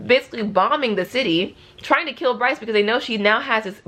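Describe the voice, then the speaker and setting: A young woman talking casually in a reading vlog, gushing and excitable about a fantasy novel, full of slang. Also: fairly high pitch, a little fast. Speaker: book vlogger.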